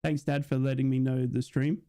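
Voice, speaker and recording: A man's voice: medium pitch, flat delivery, fairly quick, mellow, clear, resonant tone. A man streaming a live football watch-along, chatting casually, reading out viewers' messages and often asking "do you know what I mean".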